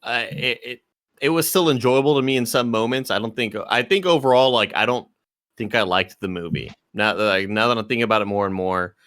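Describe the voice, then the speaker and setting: A man co-hosting a casual podcast chat, halting and searching for his words. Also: medium pitch, a bit bright, no room sound. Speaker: podcast co-host.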